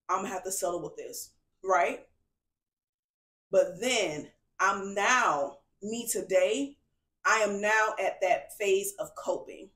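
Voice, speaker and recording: Confiding woman podcaster in a roomy space. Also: mid-range voice. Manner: emphatic, confiding, peppered with "okay?" and "y'all". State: tearful at moments. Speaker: podcast host. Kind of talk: candid solo podcast monologue. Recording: roomy echo.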